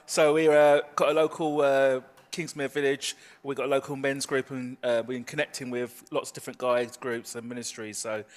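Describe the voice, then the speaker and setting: A man from a local men's group, chatting in a hesitant, warm way. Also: mid-range voice, little pitch movement, a little fast, few pauses, big-room sound. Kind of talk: casual chat.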